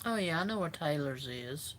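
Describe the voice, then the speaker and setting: A woman's voice: sits low, lively intonation, normal speed, a little hiss or hum. Chatty Southern woman on a phone. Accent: Southern US, South Carolina. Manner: chatty, rambling, easygoing. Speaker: vlogger. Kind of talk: casual live chat with viewers.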